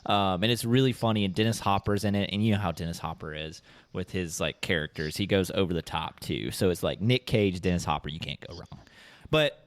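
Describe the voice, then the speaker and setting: A man's voice: sits low, fairly quick, no room sound. A man from Alabama with a Southern US accent, co-hosting a podcast in casual, rambling chat. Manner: rambling, animated storytelling. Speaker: podcast co-host.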